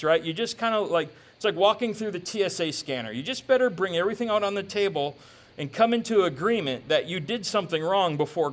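A man preaching a sermon in a conversational, joking way, slipping into quick quoted asides. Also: sits high, a bit bright. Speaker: pastor.

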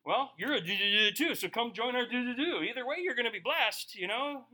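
A male pastor preaching a sermon, reading scripture slowly and then talking casually with asides. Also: very high-pitched, expressive, sharp tone. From Germany.

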